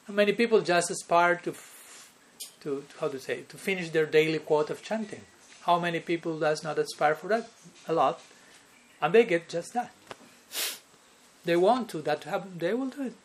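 A man's voice: on the high side, normal speed. A man teaching a devotional lecture, who often chuckles and keeps asking his listeners "no?" and "okay?". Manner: chuckles often between points. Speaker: spiritual teacher.

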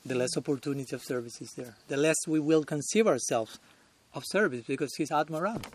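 A man's voice: a little high, a little fast. A man giving a devotional lecture at a temple as a swami, chuckling often and talking conversationally while searching for words.

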